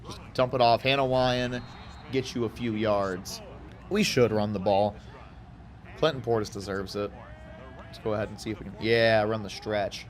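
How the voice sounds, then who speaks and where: A man from Houston giving casual, rambling commentary as he plays a football video game, with excited outbursts and side chatter. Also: lowish voice, normal speed, long pauses. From Houston, Texas. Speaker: gaming YouTuber.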